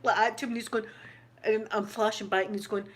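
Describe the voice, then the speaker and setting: A Scottish woman, an ASMR YouTuber, chats casually while answering live chat on a stream, spinning animated, gossipy stories full of laughter. Her voice is medium-pitched, fast and slightly rough.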